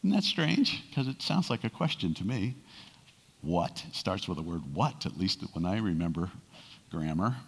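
A man's voice: deep voice, sing-song, normal speed, vocal fry, breathy edge. A male pastor preaching a sermon in a conversational way, asking his listeners rhetorical questions and paraphrasing scripture. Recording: long reverb of a large hall.

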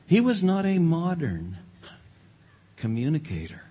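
A man's voice: medium pitch, expressive, slow pace, breathy edge. A man, a pastor, preaching a sermon in a church, emphatic and dramatic when he quotes others. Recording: long hall reverb.

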